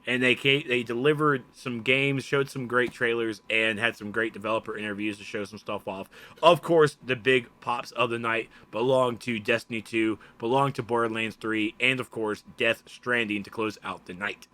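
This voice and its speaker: A man with a Southern American accent co-hosting a casual gaming news show in an animated, chatty way. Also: mid-range voice, normal speed, hardly any pauses. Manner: animated, laughing, loose and chatty. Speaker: podcast co-host.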